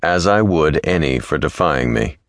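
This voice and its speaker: A stern Viking warlord, as a male narrator puts him on, very deep and slow, commanding with a hidden tenderness. The audiobook sound is dry and close. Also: expressive, gravelly, a bit bright, dry recording, heavily acted. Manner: low, measured and commanding.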